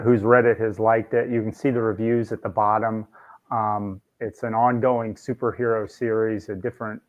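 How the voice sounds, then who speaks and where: A man, a comic creator and guest, pitching his series plainly on a livestream. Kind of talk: livestream chat. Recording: dull lo-fi stream audio.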